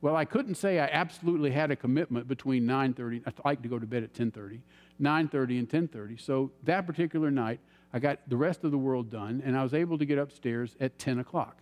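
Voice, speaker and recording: A man preaching a sermon as an animated storyteller, acting out his own reactions. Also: medium pitch, fast. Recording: long hall reverb.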